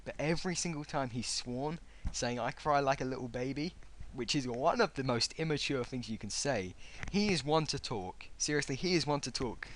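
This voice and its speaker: Young adult male vlogger, sarcastic, animated delivery with wide pitch swings. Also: a little hiss or hum. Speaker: vlogger reading out comments. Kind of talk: casual commentary on an online argument.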